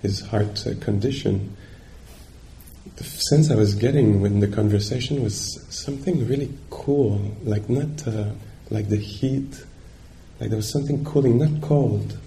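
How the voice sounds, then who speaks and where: Man, meditation teacher, dharma talk, mellow dark tone, gravelly, halting and searching. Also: on the low side, a little hiss or hum. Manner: searching, hesitant, checks in with listeners.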